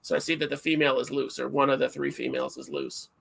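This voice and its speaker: A middle-aged man hosting a livestream, chatting casually and telling stories in an animated, self-mocking way. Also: medium pitch, quick pace, gravelly. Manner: animated storyteller, self-mocking, acts out shouts. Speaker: livestream host.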